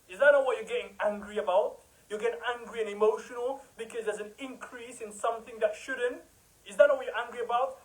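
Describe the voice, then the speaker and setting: A man with a high voice preaches with fervor, hammering his points home in an emphatic, rhetorical way. He often mocks those he criticizes. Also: low-quality recording. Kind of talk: impassioned religious talk.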